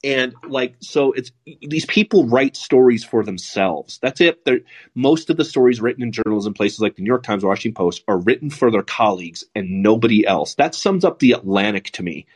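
Sardonic husky-voiced male podcast host. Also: mid-range voice, normal speed. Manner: sardonic, profane, animated. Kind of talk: casual political chat.

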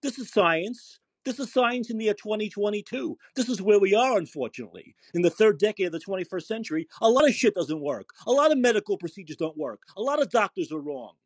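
A man's voice: high voice, expressive, quick pace, hardly any pauses, breathy edge, dry recording. A man hosting a call-in podcast, ranting angrily and swearing heavily. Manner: profane, ranting, emphatic. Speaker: podcast host. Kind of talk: angry call-in show rant.

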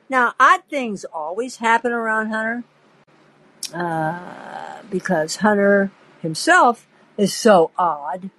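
A woman's voice: medium pitch, a bit bright, low-quality recording. A woman hosting a podcast, telling a first-person story with theatrical flair and speaking straight to the listener. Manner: theatrical, acts out quoted voices; addresses listener directly, playful. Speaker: podcast host and narrator.

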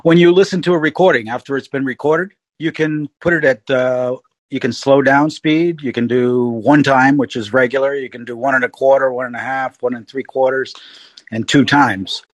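A man's voice: medium pitch, fairly even intonation, normal speed, dry recording. Guy calling into a podcast, explaining stuff, friendly, dry close audio. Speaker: caller. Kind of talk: casual chat.

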